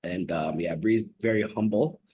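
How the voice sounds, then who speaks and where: Chill guy on a podcast, lower voice, laid back and reflective. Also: moderate pace, a little mellow, breathy edge. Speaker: podcast co-host. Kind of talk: casual chat.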